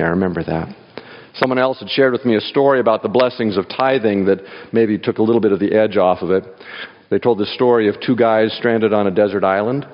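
A man giving a sermon as a guest speaker in church, telling personal stories and jokes and reading scripture aloud. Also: fairly low pitch. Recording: dull sound in a hall with long reverb.

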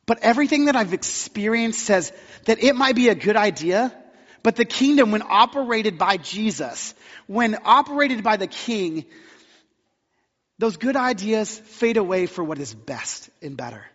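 A man with a fairly high voice preaches a conversational sermon, slipping into little acted-out quotes as he tells his story. The sound is a bit dull and rings with long reverb from a church hall. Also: lively intonation, a little slow, fairly bright tone. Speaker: pastor.

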